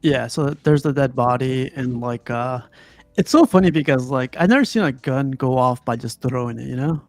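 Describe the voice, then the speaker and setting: Gravelly man chatting about a movie. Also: mid-range voice, moderate pace, a little mellow, no echo. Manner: laughs often, loose and rambling. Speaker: podcast host. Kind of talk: casual movie review chat.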